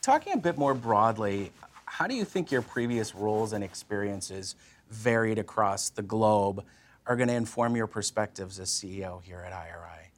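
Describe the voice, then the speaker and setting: A man interviewing a company CEO, asking measured, prepared questions. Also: on the low side, lively intonation. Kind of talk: business interview.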